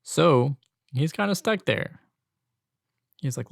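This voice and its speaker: A young man hosting his own podcast, ranting casually about retail work and college. He swings between loud outbursts and hushed asides. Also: medium pitch, steady tone, moderate pace, creaky, pauses often, dry recording, studio quality. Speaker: podcast host.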